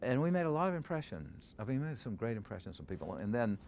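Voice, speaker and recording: A man's voice: mid-range voice, quick pace, gravelly, a little hiss or hum. An older man, a scholar and theater director, answering interview questions and reciting verse lines to show how they are stressed. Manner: animated, quotes verse aloud to show stresses.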